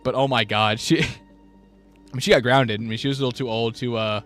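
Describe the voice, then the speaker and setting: A young man in the middle of his voice range, rambling through a story. He stops and restarts often and jumps into the voices of the people he quotes. A little music plays quietly underneath. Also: medium pitch, steady tone, a little fast. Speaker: podcast co-host. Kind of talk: casual storytelling chat.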